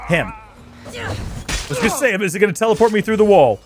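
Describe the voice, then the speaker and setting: A man's voice: high-pitched, huge pitch swings, a little fast, pauses often. A man hosting a let's play, giving chatty, joking gameplay commentary with self-mocking asides.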